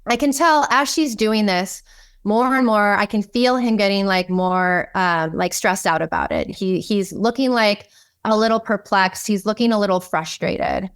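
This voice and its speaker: A woman guest on a podcast, telling a lively anecdote in conversation, with frequent "like" and "um". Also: medium pitch, normal speed, clear, resonant tone. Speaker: guest, kink educator. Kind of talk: storytelling in conversation.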